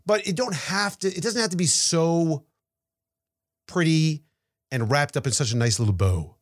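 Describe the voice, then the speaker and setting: This podcast co-host has a higher-pitched voice and a normal pace, and his casual market talk is animated and rambling, full of stammered restarts and repeated words. Audio is clean studio sound without echo.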